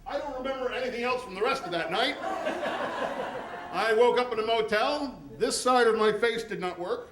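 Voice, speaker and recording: Man, from the US, high voice, swooping delivery, deadpan and profane, live stage story, echoey room. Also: normal speed. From United States. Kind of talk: live comic personal storytelling. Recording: echoey room, faint background noise.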